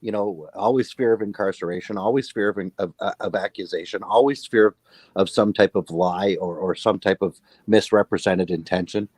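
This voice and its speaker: A man speaking in a measured, halting way as a guest in casual chat. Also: low-pitched, a little mellow, slightly rough, no room sound.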